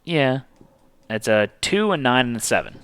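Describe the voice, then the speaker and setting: A man hosting a streamed board game, his pitch leaping around as he talks. He reads rules and counts dice aloud in a chatty, easygoing way, recorded dry and close to the mic. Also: very animated, moderate pace, fairly bright tone, smooth, no echo. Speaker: game host. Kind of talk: casual board game play over a stream.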